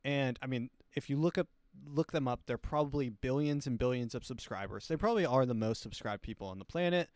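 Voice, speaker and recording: Rambling podcast host man, smooth dry voice. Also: mid-range voice, fairly quick, few pauses, dry recording. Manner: rambling, filler-heavy, deadpan asides. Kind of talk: casual comedic commentary.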